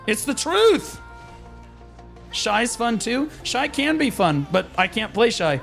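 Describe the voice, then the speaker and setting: A man's voice: very high voice, very animated, slow, creaky, fairly bright tone, soft background music. A young man streaming a game, ranting in a frustrated, profane, rambling way with many restarts. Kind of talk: live-stream rant.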